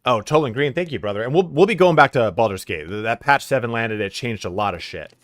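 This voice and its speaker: A man's voice: mid-range voice, expressive, quick pace, dry recording. A man streaming a game live, chatting casually with viewers and laughing often.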